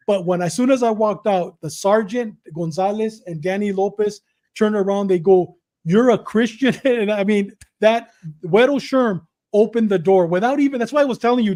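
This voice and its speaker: An older man from Southern California with a high voice tells his stories as a guest. He acts out the back-and-forth dialogue with energy, repeating words and restarting his phrases as he goes. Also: moderate pace, a little mellow. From Southern California, USA. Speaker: podcast guest, former correctional officer. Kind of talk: conversational storytelling.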